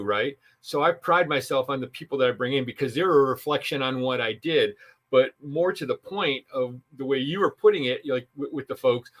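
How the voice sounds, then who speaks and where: A man's voice: mid-range voice, a bit bright. Emphatic man giving sales advice. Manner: emphatic, punchy advice with asides. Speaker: sales trainer guest. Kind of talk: podcast interview.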